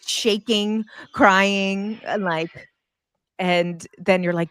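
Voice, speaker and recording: A woman in her thirties telling a personal story in casual chat, animated and acting out her own past reactions. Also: slow, clear, resonant tone, dry recording. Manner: animated, acts out her own past lines in high excited bursts.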